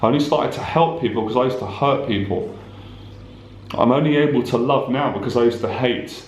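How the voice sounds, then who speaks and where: A man's voice: mid-range voice, a little fast, echoey room, a little hiss or hum, rough recording. A man, a life coach, giving an intense, repetitive motivational talk straight to the viewer, swearing at times. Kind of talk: direct-to-camera motivational talk.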